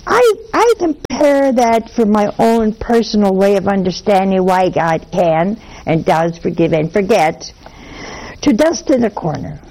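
A woman's voice: mid-range voice, expressive, unhurried, a little mellow, rough recording. A woman giving a Catholic spiritual talk, telling folksy anecdotes with humor in a conversational way.

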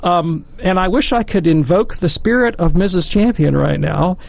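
Gravelly man telling a story. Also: high voice, normal speed. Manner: storytelling, self-deprecating, acts out quoted voices. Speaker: panelist on a Catholic discussion show. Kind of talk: conversational anecdote and commentary. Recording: dull, muffled, dry recording.

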